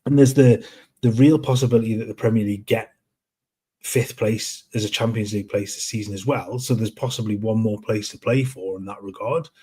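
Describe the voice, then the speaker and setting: A man co-hosting a live football reaction show, weighing up league chances in a measured, analytical way. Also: lowish voice, mellow, husky. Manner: measured, analytical, many restarts. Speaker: football podcast co-host. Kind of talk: live post-match reaction chat.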